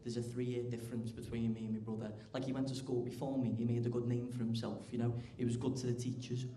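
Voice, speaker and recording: A teenage man doing a stand-up comedy routine, chatty, tagging lines with "right?" and getting loud when acting out scenes. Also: mid-range voice, flat delivery, quick pace. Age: teens. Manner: chatty, keeps asking "right?", bursts loud for acted bits. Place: large comedy club stage. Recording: echoey live club room.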